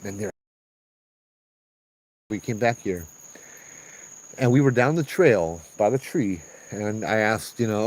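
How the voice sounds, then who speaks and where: Man, Hawaiian accent, middle-aged, low pitch, mellow tone, casual animated storytelling, outdoors, insects chirping behind. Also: slow, pauses often, poor audio. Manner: animated, acts out voices and sounds, says bro and bruh. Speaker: ghost tour guide telling stories on location. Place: outdoors at a trail at night. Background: crickets and insects.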